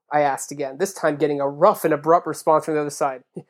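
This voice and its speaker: A woman's voice: deep voice, fairly even intonation, fairly quick. A woman co-hosting a comedy podcast, reading fan fiction aloud with dry, teasing asides. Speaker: podcast co-host.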